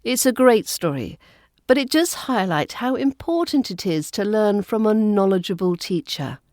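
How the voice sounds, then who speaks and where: A middle-aged British woman with a refined RP accent reads a podcast lesson with clear, careful diction. Her pitch sits in an ordinary middle range, and the recording is dry and close. Her delivery is measured, precise and unhurried. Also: lively intonation, darkish tone, no room sound. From England. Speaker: accent coach.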